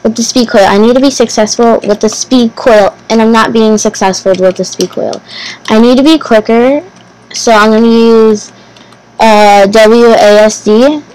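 A woman giving casual gameplay commentary as host of her channel, talking to herself nervously, repeating phrases and bursting into excited exclamations. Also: fairly high pitch, normal speed, clean tone, rough recording. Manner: nervous, anxious self-talk, repeating phrases.

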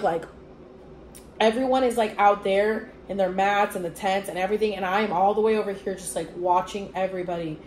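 A woman's voice: medium pitch, slight background noise. A young woman telling a story to her own camera indoors near a window, chatty and profane, full of "like" and playful voiced quotes. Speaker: vlogger.

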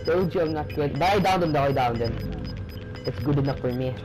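A young man chatting casually while playing an online shooter, excitable and quick to swear. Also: a little high, low-quality recording. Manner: excitable, swears, calls out plays. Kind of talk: casual gaming chat. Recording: loud gunfire game audio behind. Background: game gunfire and vehicles.

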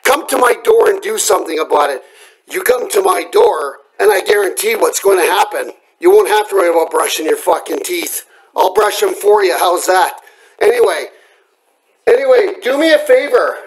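A furious man with a very high, strained voice rants at his camera from home at night. He swears constantly and makes threats, and his voice cracks with agitation. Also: expressive, moderate pace, low-quality recording. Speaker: vlogger. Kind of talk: angry rant to camera.

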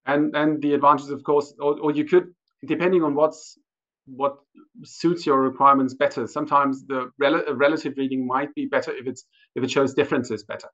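A man explaining a measuring device in a hesitant, careful way, pausing often as he searches for words. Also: mid-range voice, steady tone, a bit bright. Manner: hesitant, many fillers and restarts. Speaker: product expert. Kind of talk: technical explanation. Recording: dull lo-fi sound.

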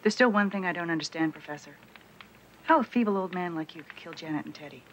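An actress playing a sharp, level-headed female police detective with a cool, pointed delivery. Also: lowish voice, expressive, fast, slight background noise, close to an everyday voice, rough recording. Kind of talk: 1980s TV comedy acting.

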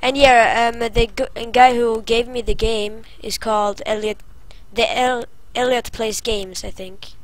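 Her voice sits on the high side, steady and a little slow, and the recording is low quality. She is playing a horror game and commenting in let's-play style, jumping and crying out at the scares.

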